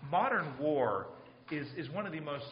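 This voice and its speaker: A male pastor delivers an earnest, pleading sermon, repeating himself for emphasis. His voice sits a little high for a man. It echoes through a roomy space on a slightly dull recording with faint noise. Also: very animated, normal speed.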